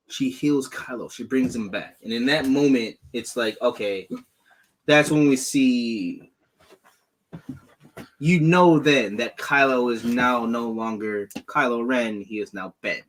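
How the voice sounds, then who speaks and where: A man's voice: mid-range voice, slow, long pauses, a little hiss or hum, rough recording. A man co-hosting a casual podcast, retelling a film with lots of swearing and acted-out quotes. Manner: profane, animated retelling with quoted voices. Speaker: podcast co-host.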